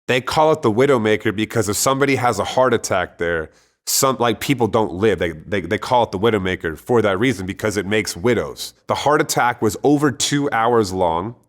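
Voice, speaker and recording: A man's voice: lowish voice, lively intonation, brisk. Earnest man telling a story. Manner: earnest, conversational, with frequent restarts. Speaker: storyteller sharing a personal testimony. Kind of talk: casual spoken testimony.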